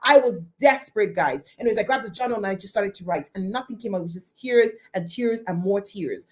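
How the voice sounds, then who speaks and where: A woman's voice: medium pitch, lively intonation, fairly quick. A woman in her thirties telling a personal story on a live stream, greeting viewers by name and swinging her voice up and down for drama. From lives near Toronto.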